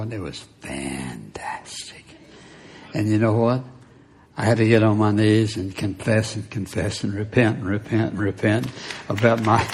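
Older male pastor preaching softly. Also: medium pitch. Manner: conversational preaching, drops to a near whisper at key points. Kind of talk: sermon.

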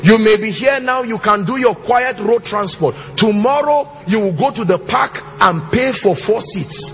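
A pastor preaching to his church, emphatic and sing-song, with shouted bursts and call-and-response questions. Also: high voice, expressive, a little slow. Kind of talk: sermon. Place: church auditorium with congregation. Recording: slightly muffled church recording, faint music.

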